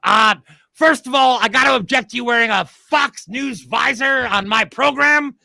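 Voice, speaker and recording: A shrill, gravelly blowhard TV host. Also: male voice, moderate pace, no echo, full character voice. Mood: blustering. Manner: loud, blustering, pushy. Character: brash adult male TV panel host. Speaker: comic news panel host. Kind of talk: comedy sketch, mock panel show.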